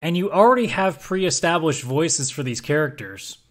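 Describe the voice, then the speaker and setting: A man's voice: a little high, animated, moderate pace. A man co-hosting a gaming podcast, arguing his opinions emphatically in casual chat. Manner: emphatic, opinionated, argues points at length. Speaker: podcast co-host.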